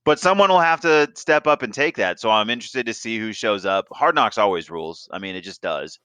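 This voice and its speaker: Bright, dry-sounding low-voiced man. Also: fairly quick, clean tone, dry recording. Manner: animated, jokey, rambling with restarts. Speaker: podcast co-host. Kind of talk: casual sports chat.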